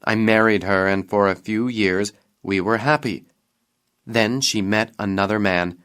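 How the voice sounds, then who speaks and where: A man voicing a cursed young king from a storybook, sorrowful and subdued as he tells his tale. The voice is low and quiet, close to the reader's own. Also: steady tone, measured pace, smooth. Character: sorrowful young king, half turned to stone.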